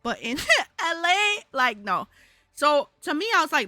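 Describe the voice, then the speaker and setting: A young woman hosting a live stream, telling a story in a slangy, animated way and laughing often. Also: high-pitched, moderate pace, no echo, faint music behind. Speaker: livestream host.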